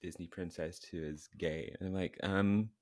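A man co-hosting a podcast in casual chat, making wry, deadpan jokes and trailing off at the end of lines. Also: deep voice, moderate pace. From Scotland. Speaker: podcast co-host.

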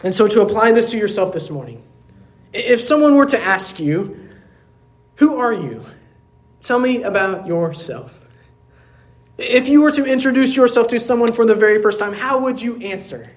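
A man pastor preaching a sermon in a church service, earnest, asking rhetorical questions and dropping to quiet emphasis. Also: very high voice, lively intonation, fairly quick.

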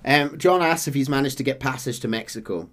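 A man casually retelling a game's story as a podcast host, animated and laughing easily. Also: mid-range voice, a little fast. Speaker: podcast host narrating game lore.

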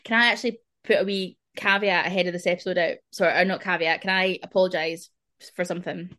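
A woman's voice: on the low side, fairly even intonation, quick pace, fairly bright tone. A woman co-hosting a podcast, talking in a chatty, apologetic way. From Scotland. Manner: chatty, apologetic, uses Scottish slang. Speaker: podcast co-host. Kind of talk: casual chat.

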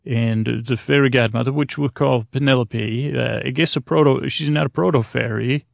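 A man's voice: medium pitch, steady tone, normal speed, gravelly, no echo. A man improvising a bedtime story, rambling with many fillers and self-corrections.

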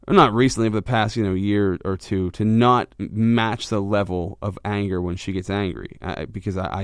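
A man's voice: low voice, clear, resonant tone, dry recording, studio quality. A man hosting a podcast, talking candidly and self-reflectively about his own frustrations, with a rambling delivery full of restarts. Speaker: podcast host. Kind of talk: candid personal monologue.

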